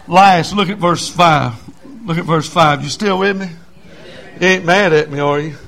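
An older man, preaching a sermon as pastor in a folksy storytelling way, swinging from quiet talk to shouting. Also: fairly high pitch, moderate pace, vocal fry.

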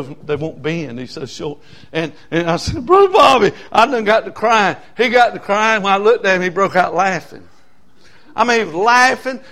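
Folksy preacher, high voice. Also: male voice, creaky. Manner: folksy, swings from hushed asides to shouted hollers. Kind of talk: storytelling sermon.

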